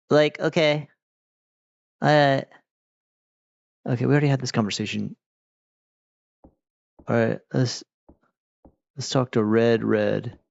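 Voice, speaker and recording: Brief: gravelly male streamer, slow unhurried delivery, dry dull lo-fi mic, chatty and distracted. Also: mid-range voice, fairly even intonation, a little mellow, no echo. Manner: chatty, distracted, talks to the game characters. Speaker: gaming streamer. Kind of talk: casual let's-play commentary.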